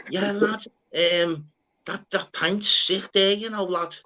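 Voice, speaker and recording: A man's voice: little pitch movement, fast, pushed and bright, dry recording. A man putting on a chirpy, exaggerated fake Liverpool twang to mock someone from outside the city. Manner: high, chirpy mimicry with a put-on twang. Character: man from outside the city faking a Scouse accent. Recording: lo-fi sound.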